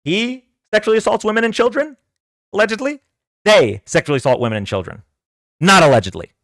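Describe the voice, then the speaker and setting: Here a man's high voice swoops wildly in pitch at a fast clip, recorded dry. Hosting a livestream political debate, he delivers a heated, sarcastic, combative rant and challenges his viewers to get on and argue.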